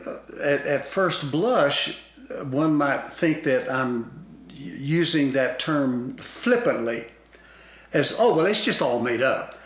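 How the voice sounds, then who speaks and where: Slow, deliberate man in echoey room. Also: on the high side, fairly bright tone. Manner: deliberate, many fillers and restarts. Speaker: guest expert on self-concept. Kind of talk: slow explanatory talk-show conversation.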